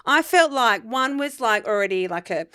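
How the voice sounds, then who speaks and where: Frank, animated woman with a smooth voice. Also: fairly high pitch, moderate pace, dry recording, studio quality. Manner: frank, animated storytelling with laughter and swearing. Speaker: podcast co-host. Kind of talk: casual chat.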